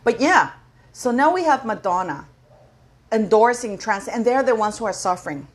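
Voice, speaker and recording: A woman's voice: fairly high pitch, lively intonation, moderate pace. A middle-aged woman hosting her own channel, giving an indignant, rambling opinion rant to camera and repeating words for emphasis. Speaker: commentary channel host.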